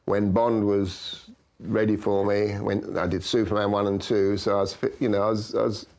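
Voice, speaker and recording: An older man with a low voice tells lively stories from decades of stunt work. He slips into the voices of the people he quotes as he goes. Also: moderate pace, vocal fry. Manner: lively storyteller, acts out quoted dialogue. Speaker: stunt coordinator guest. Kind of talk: anecdotal interview storytelling.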